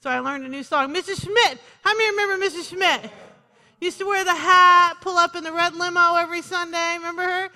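A woman's voice: very high voice, fairly even intonation, brisk, pushed and bright, long reverb tail. A woman pastor preaching a sermon in a conversational, joking way, punctuated by calls of "Amen.".

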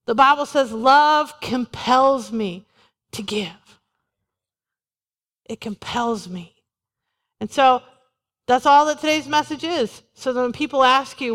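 A woman's voice: high voice, a little slow, pauses often, fairly bright tone. A woman pastor preaching a sermon in a church, talking in a conversational way and repeating short refrains. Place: church sanctuary. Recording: long hall reverb.

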